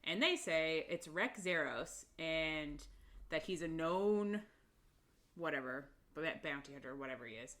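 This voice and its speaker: Podcast co-host, female, unhurried and low, chatty summarizer who laughs easily. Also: animated, fairly bright tone. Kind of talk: casual book recap chat.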